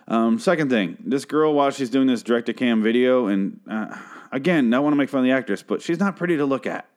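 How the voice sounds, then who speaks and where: A man's voice: medium pitch, lively intonation, a little fast. A young man giving a casual, profane, exasperated recap of a TV show.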